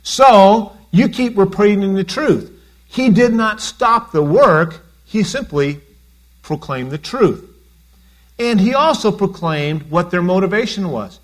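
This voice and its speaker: A man's voice: high voice, animated, takes it slowly. A man preaching a conversational sermon as a pastor, often asking his congregation questions.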